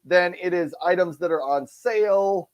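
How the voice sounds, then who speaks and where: A man's voice: high-pitched, normal speed, muffled recording. A man co-hosting a live shopping show, explaining the segments and his wish-list items in an upbeat, chatty way. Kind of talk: casual live-stream product chat.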